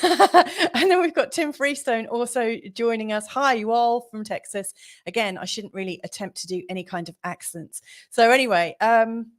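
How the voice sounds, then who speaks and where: A middle-aged woman hosting a live astrology show, chatting casually with many ums and apologies. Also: mid-range voice. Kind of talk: casual livestream chat.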